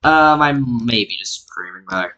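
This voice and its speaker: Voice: mid-range voice, animated, unhurried, bright, forceful tone, dull audio. A mapping YouTuber narrating an alternate history in casual, rambling, self-mocking commentary, full of "like" fillers, sounding tired. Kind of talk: casual screen-recorded commentary.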